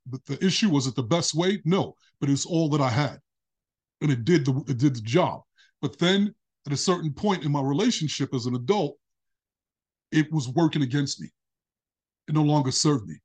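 A man, a podcast guest, telling a candid personal story in an animated way. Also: husky. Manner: animated, acts out quoted dialogue with big pitch jumps.

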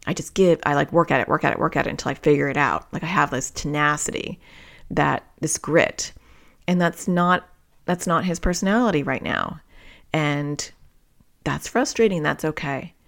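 A middle-aged woman with a low voice and a gravelly edge hosts a solo parenting podcast. She talks candidly and reflectively, speaking straight to her listeners. Her delivery stays open and self-questioning. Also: moderate pace, fairly bright tone.

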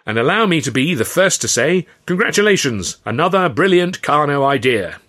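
A man voicing an eager male performer who gushes with earnest flattery. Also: a little high, moderate pace, pitched above the performer's own voice. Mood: flattering. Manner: earnest, gushing.

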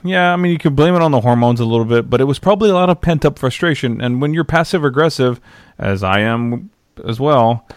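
A man's voice: mid-range voice, expressive, a little fast, clean tone, no echo, studio quality. A man hosting a casual podcast interview, easygoing and rambling as he asks questions. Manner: easygoing, rambling, laughs often. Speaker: podcast host.

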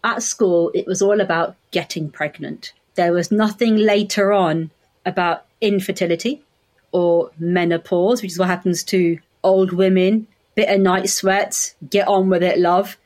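A woman's voice: fairly low pitch, steady tone, unhurried, darkish tone. A woman in her forties, an optometrist guest on a podcast, chatting and laughing as she tells stories. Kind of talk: podcast conversation.

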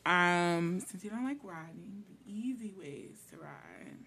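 A woman's voice: fairly low pitch, animated, a little slow, pushed and bright, slightly rough. A woman hosting a podcast in casual chat, giggly and chatty with frequent hesitations. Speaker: podcast host.

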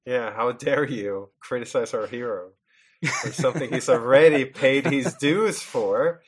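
A man's voice: mid-range voice, lively intonation, takes it slowly, breathy edge. A man on a podcast talking casually about a movie, laughing often and throwing in jokes. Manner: laughs often, jokey, chimes in. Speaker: podcast co-host. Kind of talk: casual chat about a film.

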